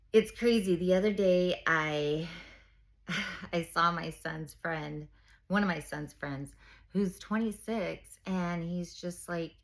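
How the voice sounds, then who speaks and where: A woman in her forties talking openly about her own struggles and coaching other moms, an emphatic storyteller who acts out what people said. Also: mid-range voice. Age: 40s. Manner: open, emphatic storyteller, many fillers, acts out quoted speech. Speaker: mom coaching women through reinvention. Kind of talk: candid personal talk.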